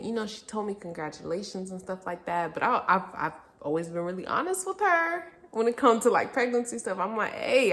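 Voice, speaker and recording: Her voice is lowish with a fairly bright tone. She's a young mother who vlogs, sharing a personal story to camera in a relaxed, candid, reflective way, and now and then she laughs as she recalls difficult times.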